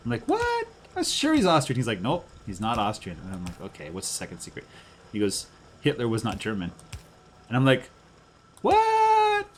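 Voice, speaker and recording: Hoarse middle-aged game host with a cold, gravelly voice that swings around a lot, chatty and joking, faint hiss. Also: male voice, lowish voice. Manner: chatty, joking with his daughter. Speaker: gameplay video host. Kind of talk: casual game commentary.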